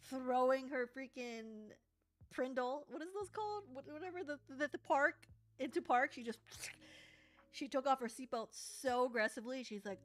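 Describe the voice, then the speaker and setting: A young adult woman livestreaming as she crafts, telling a story in a rambling, animated way with laughs. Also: fairly high pitch. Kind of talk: casual live-stream chat while crafting.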